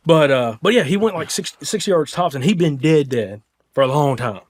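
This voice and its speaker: Excitable man telling a hunting story. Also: fairly high pitch, brisk. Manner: animated, excitable storyteller who acts out quotes. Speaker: podcast host. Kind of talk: casual storytelling chat.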